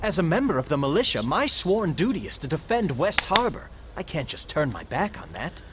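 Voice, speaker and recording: An actor voicing an earnest, dutiful young village militiaman in a video game, sincere and warm-hearted. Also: on the high side, very animated, fairly quick, heavy background noise.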